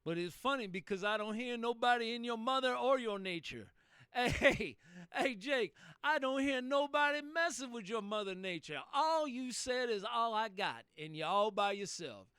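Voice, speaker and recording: A man's voice: very high-pitched, expressive, normal speed, pushed and bright, clean tone, dry recording, studio quality. A man chatting over CB radio in a folksy, salty way, repeating himself. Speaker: CB radio operator. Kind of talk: CB radio chat.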